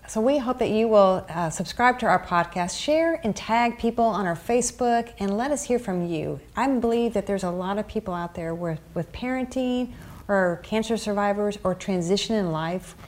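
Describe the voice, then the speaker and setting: A woman hosting a faith podcast, speaking in an encouraging, affirming way and halting now and then. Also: medium pitch, a little mellow. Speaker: podcast host. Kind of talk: casual faith conversation.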